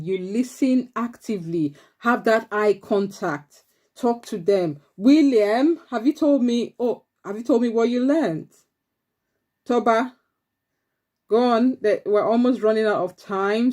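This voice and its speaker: A woman's voice: mid-range voice, a little slow, warm tone. A woman teaching an online church class for preteens, encouraging them and repeating their answers back. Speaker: Sunday school teacher.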